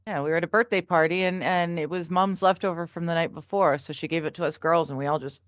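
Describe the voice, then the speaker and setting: A woman co-hosting a stream, chatting and telling a story in a giggly, animated way. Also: on the low side, fast talker, no room sound, studio quality. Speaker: co-host. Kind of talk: casual chat.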